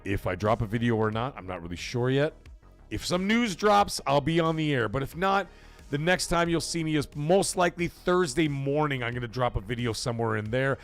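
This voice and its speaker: A man hosting a late-night livestream, excitable and swearing a lot, getting out of breath as he swings from loud outbursts to low mumbling. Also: brisk, faint music behind. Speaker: livestream host. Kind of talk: casual late-night stream chat.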